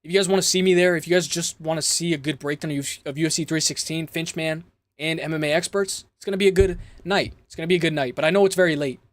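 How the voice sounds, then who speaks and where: A young man from Toronto hosting a casual livestream, rambling through chat comments with hype shout-outs and lots of fillers. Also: on the high side, fairly even intonation, quick pace, dry recording. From Toronto, Canada. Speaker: livestream host.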